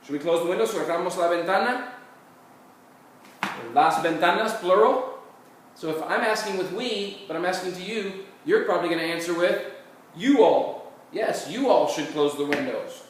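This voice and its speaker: Man teaching Spanish in an echoey room. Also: sits high. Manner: patient step-by-step explaining, models Spanish phrases slowly. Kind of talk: recorded classroom lecture. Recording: very echoey room, mic far off, faint noise.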